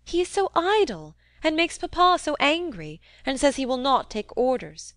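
A woman's voice: high voice, very animated, normal speed, a bit bright, dry recording, pitched above the performer's own voice. Woman playing a mild, reproachful young lady in a storybook reading, lifted and prim.

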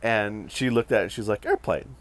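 A man co-hosting a casual chat, talking in a relaxed, easygoing way. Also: on the low side, brisk. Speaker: co-host.

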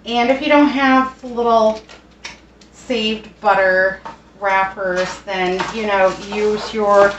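A woman's voice: mid-range voice, steady tone, takes it slowly, fairly bright tone, muffled recording. A woman chatting casually through a home cooking how-to, rambling with plenty of fillers and frugal asides. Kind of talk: casual kitchen how-to chat. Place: home kitchen. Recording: roomy echo, distant mic, faint noise.

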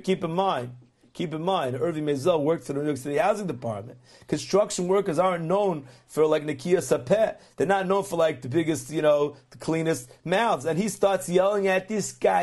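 A man giving a Torah lecture, telling a story in an animated, dramatic way and sprinkling in Hebrew and Yiddish words. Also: high-pitched.

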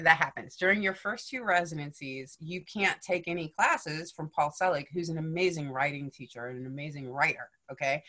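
A podcast guest, she recounts a story casually in a lowish voice. She comes across as blunt and energetic, swearing liberally and peppering her sentences with "right?" and "you know?"

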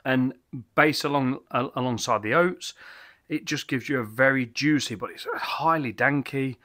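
A man's voice: medium pitch, normal speed, pushed and bright. A tipsy man rambles and corrects himself while reviewing a beer at a home bar. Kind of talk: casual beer review vlog.

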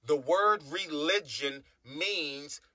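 A man's voice: on the high side, lively intonation, very slow, pushed and bright, no room sound. A man from the United States preaching a monologue, emphatic, repeating his phrases and humming between thoughts.

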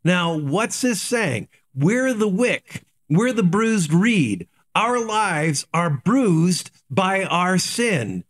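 High-voiced pastor asking rhetorical questions. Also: male voice, sing-song, very slow, hardly any pauses, a bit bright. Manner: earnest, repetitive rhetorical questions. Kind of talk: daily devotional sermon.

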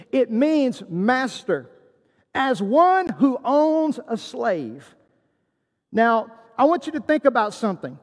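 A man's voice: very high voice, big-room sound. A man preaching a sermon as pastor, emphatic and quoting scripture.

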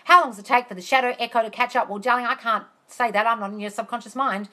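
Fast and fairly high-pitched, her voice pushed and bright, a woman coaching manifestation on a live stream tackles comments head-on. She curses freely, calls viewers darling and vents in exasperated rants.

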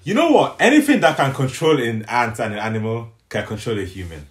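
Lively young man reacting in an echoey room. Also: medium pitch, a little fast, slight background noise. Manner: excitable, reacting out loud, slangy. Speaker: reaction channel host. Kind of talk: casual group reaction chat.

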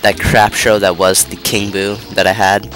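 Speaking at a moderate pace, a young let's play commentator has a low-pitched, fairly bright voice with little pitch movement. He's stuffy and nasal from a cold, and his casual commentary rambles, breaks off, and is full of fillers over game music.

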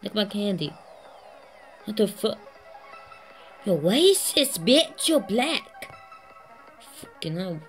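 A woman hosting a gaming channel, giving excitable let's-play commentary, swearing constantly and laughing at herself. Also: mid-range voice, takes it slowly, long pauses, faint music behind.

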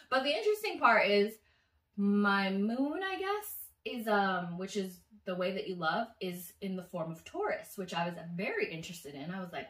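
Woman vlogger, bright and chatty, casual storytelling, slightly off-mic in a roomy space. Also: mid-range voice, moderate pace, far from the mic. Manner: chatty, animated, swears freely. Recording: echoey room, voice slightly off-mic.

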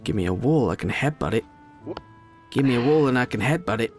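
A young man giving gameplay commentary as a YouTuber, muttering low rants, then swearing and shouting in bursts. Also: lively intonation, brisk, soft background music. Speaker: gaming YouTuber.

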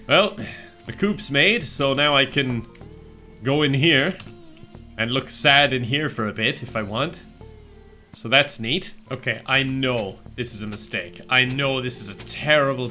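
A young Irish man talks over a farming game in a sardonic, self-mocking way and laughs between his lines. His tone is bright and forceful. Game music plays faintly behind him. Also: medium pitch. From Ireland. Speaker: gaming YouTuber. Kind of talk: let's play commentary.

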